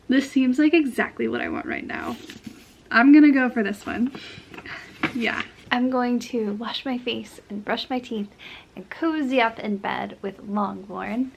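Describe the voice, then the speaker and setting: Soft-spoken woman, cozy vlog chat. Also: on the high side, a little slow, gravelly, husky, lo-fi sound. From Portland area, United States. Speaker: vlogger.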